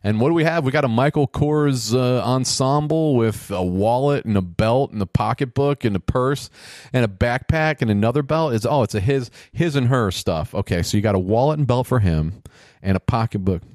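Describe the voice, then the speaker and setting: A man's voice: medium pitch, normal speed, a little mellow, no room sound, clean studio sound. A man giving casual play-by-play commentary on a game show, rambling with sarcastic, wisecracking asides.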